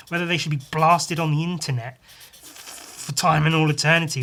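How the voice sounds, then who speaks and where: Bright-toned guy ranting at his desk, sweary and sarcastic. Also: on the high side. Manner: blunt, profane, sarcastic ranting. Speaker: podcast host. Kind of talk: casual solo rant while drawing.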